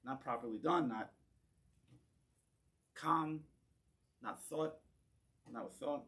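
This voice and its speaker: A man, a rabbi, teaching a class in a synagogue, animated and drawing in his audience, often restarting words as he goes. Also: medium pitch, slow. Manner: animated, acts out voices in quoted lines, repeats words as he restarts. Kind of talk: lecture with audience discussion.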